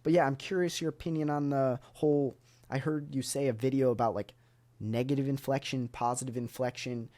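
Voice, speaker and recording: A man's voice: mid-range voice, fairly even intonation, a little mellow. Casual man hosting a podcast. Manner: casual, halting, searching for words. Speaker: podcast host. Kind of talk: podcast interview.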